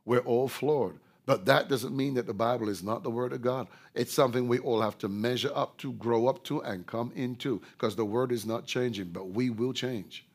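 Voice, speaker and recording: A man preaching a sermon, slow and deliberate, who rises loud on scripture quotes and sinks low when he reflects.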